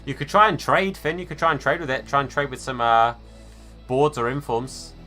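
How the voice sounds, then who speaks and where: A man's voice: mid-range voice, lively intonation, normal speed, pushed and bright, faint music behind. A man live-streaming a football game, chatting casually and answering viewers by name, calling them mate and fella.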